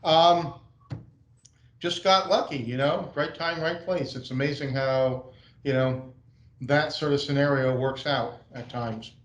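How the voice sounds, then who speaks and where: A man's voice: medium pitch, steady tone, measured pace, fairly bright tone, echoey room, muffled recording. A middle-aged American man casually telling a rambling anecdote on a video call. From USA. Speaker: guest speaker, race car designer. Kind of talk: relaxed storytelling Q&A.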